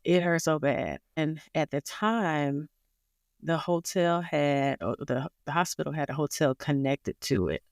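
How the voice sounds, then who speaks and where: A woman as a podcast guest, telling a personal story in a casual, animated way and laughing along the way. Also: sits low, unhurried, no room sound, studio quality.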